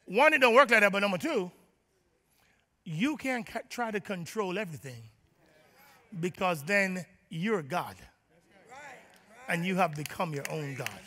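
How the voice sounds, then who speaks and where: High, bright-voiced preaching man. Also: long reverb tail. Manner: dramatic preaching, acts out the listeners' prayers; shifts between loud declarations and near-whispers. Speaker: pastor. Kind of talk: sermon.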